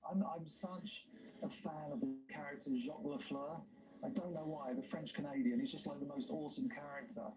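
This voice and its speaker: A man's voice: fairly high pitch, steady tone, a little fast, loud music behind the voice, poor audio. A man hosting a livestream in casual chat, talking enthusiastically and rambling, with frequent laughs. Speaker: livestream host.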